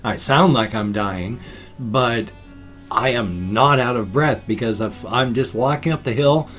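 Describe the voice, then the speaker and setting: An older man chats on his vlog in a medium-pitched, slightly bright voice, speaking a little slowly over soft background music. He's folksy and rambling, explaining things at length and dropping homespun sayings.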